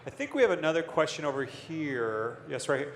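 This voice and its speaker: Male panel host, high-ish, upbeat, long hall reverb, audience murmur. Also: sing-song, fairly quick, slight background noise. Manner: upbeat, prompting. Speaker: panel moderator. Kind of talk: live panel hosting. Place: large convention hall with audience. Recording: echoey convention hall with crowd.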